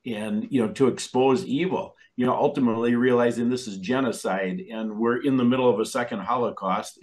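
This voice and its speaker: A man on a video call as a talk show guest, speaking in a measured, methodical way, listing dates and facts. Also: fairly low pitch, low-quality recording. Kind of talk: interview recounting a lawsuit.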